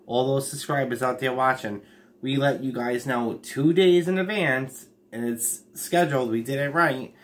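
Man, casual livestream chat, blunt, swears a lot, rambling, average pitch. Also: fairly bright tone. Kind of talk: casual late-night livestream talk.

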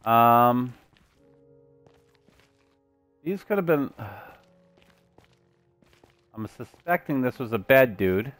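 Lively, chatty male game streamer. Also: mid-range voice, slow, faint music behind. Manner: chatty, talks to viewers, loves puns. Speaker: gaming streamer. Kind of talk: live gameplay commentary.

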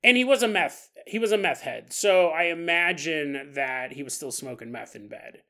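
A male podcast host retells a paranormal story in a casual, joking way, laughing at his own asides. His voice sits high and sounds bright and forward. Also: lively intonation, moderate pace.

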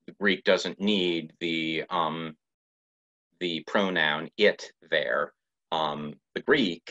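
Guest pastor, male, deep voice, slow deliberate sermon delivery, muffled lo-fi church recording. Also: fairly bright tone. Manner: measured, reflective preaching with pauses. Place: church sanctuary.

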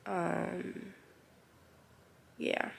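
A woman's voice: fairly low pitch, little pitch movement, extremely slow, vocal fry, breathy edge. A young woman vlogger talking candidly to the camera, crying through an emotional personal update. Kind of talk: personal vlog confession.

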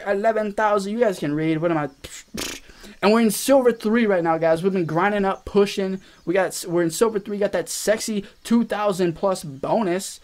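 A young man hosting a gaming channel, rambling excitedly to viewers as he plays a mobile strategy game and comments on each move. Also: sits high. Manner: excitable, rambling, talks to viewers while playing. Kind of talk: casual gameplay commentary. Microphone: face cam.

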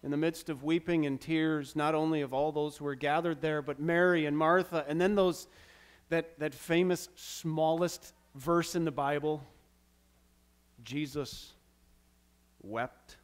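Man preaching in church, kinda high voice, acts out the quotes big. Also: fairly even intonation, unhurried. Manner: dramatic, acts out quoted lines. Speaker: pastor. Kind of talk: sermon.

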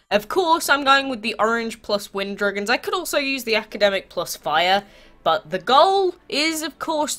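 A congested woman with a stuffy nose from a cold, hosting a mobile game channel in chatty, animated talk full of rhetorical questions. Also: on the high side. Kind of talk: casual gaming vlog chat.

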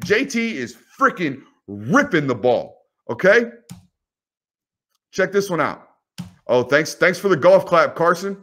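A man's voice: a little high, a bit bright. A young man, hosting a casual football film breakdown, teasing players with rhetorical questions. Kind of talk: casual video commentary.

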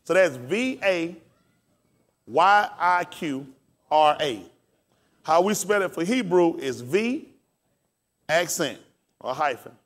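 High-voiced preaching man, call-and-response. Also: animated, slow, long pauses. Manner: call-and-response preaching, spells words aloud for the congregation. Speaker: pastor. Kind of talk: sermon and scripture teaching.

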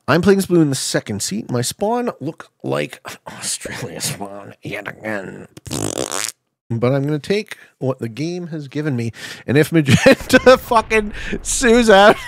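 A man from Canada streaming a board game live, excitable and swearing, laughing often and bursting into shouts. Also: fairly high pitch, dry recording. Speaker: streamer playing an online strategy board game.

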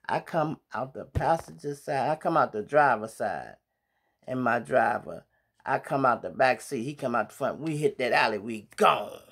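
A middle-aged man from Chicago, with a Chicago accent, tells his viewers street stories in slang-heavy casual talk. He is an animated storyteller who acts out sounds and voices. His mid-range voice has vocal fry.

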